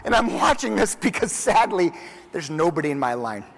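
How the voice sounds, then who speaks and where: High-voiced man giving an animated keynote. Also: moderate pace, creaky. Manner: animated storyteller who acts out quoted dialogue. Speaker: keynote speaker. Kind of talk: motivational keynote speech. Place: large conference hall. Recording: long reverb of a big conference hall.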